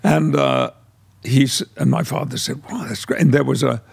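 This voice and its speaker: A man's voice: medium pitch, a little mellow. An older man from West Yorkshire who speaks with an English received pronunciation accent, telling stories as a guest in an interview and acting out the voices in them. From England, West Yorkshire. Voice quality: gravelly and husky. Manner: measured storyteller who acts out voices. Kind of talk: conversational storytelling interview.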